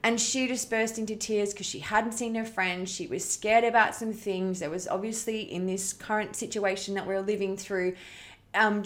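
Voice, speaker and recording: A woman's voice: mid-range voice, a bit bright. A woman hosting a parenting challenge, telling a story to her online audience in an earnest, heartfelt, conversational way.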